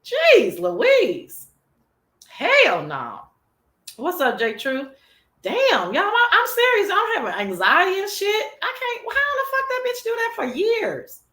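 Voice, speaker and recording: A woman's voice: extremely high pitch, slow pace, roomy sound. Sassy, profane woman hosting a chat show. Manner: sassy, profane, animated, chatty. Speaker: talk show host. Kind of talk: casual livestream chat.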